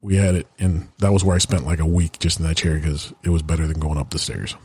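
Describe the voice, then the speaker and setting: A man's voice: a bass voice, flat delivery, fast, a little mellow, breathy edge, no room sound. A man hosting a podcast in casual chat, teasing and conversational. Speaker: podcast host.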